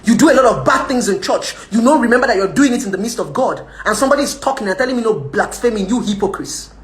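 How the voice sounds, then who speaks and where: A woman's voice: a little high, expressive, fast, roomy sound. Scolding Nigerian woman on a live stream. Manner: scolding, combative, switches into Pidgin, laughs often. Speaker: live video host. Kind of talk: ranting live-stream chat.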